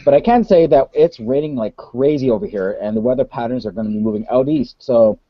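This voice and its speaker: A man's voice: mid-range voice, fairly quick, dry recording. Easygoing guy from Ontario, dry sound. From Ontario, Canada. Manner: easygoing, rambling, joking. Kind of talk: casual online chat. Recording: dry lo-fi online call audio.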